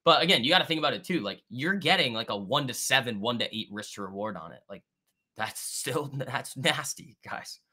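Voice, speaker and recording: Bright-voiced man hosting a trading livestream. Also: medium pitch, expressive, a little fast. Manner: casual, slangy, reads chat aloud. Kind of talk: casual livestream chat.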